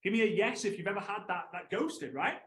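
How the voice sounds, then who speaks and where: Trainer, thirties, high and animated, echoey room. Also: male voice, fairly quick. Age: 30s. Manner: energetic, animated, asks the audience to respond. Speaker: network marketing trainer. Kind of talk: storytelling training talk. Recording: roomy echo.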